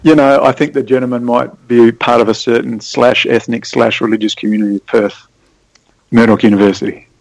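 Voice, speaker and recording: A man rambling through his stories, prone to sudden excited bursts. His voice has a gravelly fry and sounds close and dry, with almost no room around it. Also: medium pitch, a little fast, no echo, rough recording. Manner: rambling, excitable storytelling with sudden animated spikes. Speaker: podcast guest. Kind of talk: casual conversation.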